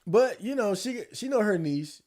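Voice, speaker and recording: A man streaming casual commentary, laid-back and slangy, swearing freely and laughing often, a little hoarse. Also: high voice, animated, moderate pace, a little mellow. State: losing his voice. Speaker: streamer reacting to election night.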